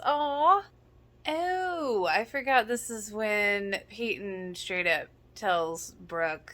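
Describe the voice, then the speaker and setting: Bright-voiced woman host, chatty fan recapping scenes, quick to laugh and gush. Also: mid-range voice. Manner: excitable, gushing, laughs often. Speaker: podcast host reacting to a TV episode. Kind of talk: casual reaction commentary.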